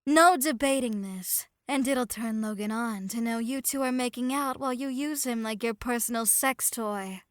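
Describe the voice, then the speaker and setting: A woman's voice: on the high side, normal speed, hardly any pauses, no room sound, clean studio sound, close to an everyday voice. A woman voicing a bossy, dominant female leader in an audiobook, giving firm commands. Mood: commanding. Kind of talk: erotic audiobook character voice.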